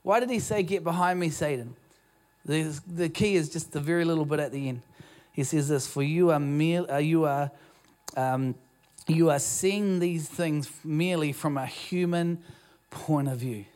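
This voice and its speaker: A pastor with a New Zealand accent delivers a sermon into a stage microphone in a church. His voice sits somewhat high for a man, and he talks in a loose, conversational way, often restarting his sentences and poking fun at himself. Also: normal speed, darkish tone. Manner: conversational, self-deprecating preaching with restarts. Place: church auditorium.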